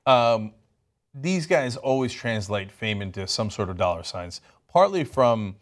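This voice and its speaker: A man co-hosting a casual political commentary show, talking in an animated, mocking way. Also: on the low side, a little slow. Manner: animated, mocking, mimics people in sing-song voices. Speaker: co-host.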